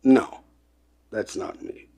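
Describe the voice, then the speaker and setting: A man's voice: takes it slowly, warm tone. A man delivering an impassioned, lecturing monologue, repeating points and getting worked up as he talks to his listeners. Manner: emphatic, repetitive, gets worked up; lecturing, addresses listeners as people. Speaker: online presenter.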